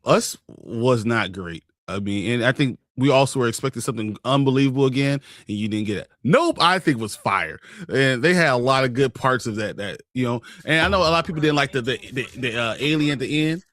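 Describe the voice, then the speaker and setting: Man, podcast co-host, halting, repeats words, medium pitch, dry recording. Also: animated, a bit bright, dry recording. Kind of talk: casual pop-culture chat.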